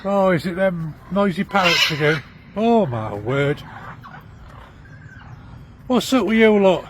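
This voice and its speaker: A man's voice: sits high, expressive, slow, background noise. A man chatting to birds in an outdoor bird park, coaxing them in a sing-song voice. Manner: coaxing, sing-song baby talk to animals. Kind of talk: casual chat to birds. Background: faint birdsong and outdoor ambience.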